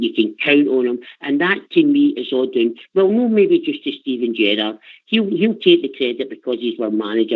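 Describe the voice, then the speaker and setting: An older Scottish man calling in to a radio show, talking with emotional passion and repeating himself. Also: mid-range voice. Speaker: caller. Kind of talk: phone-in chat. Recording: tinny phone line.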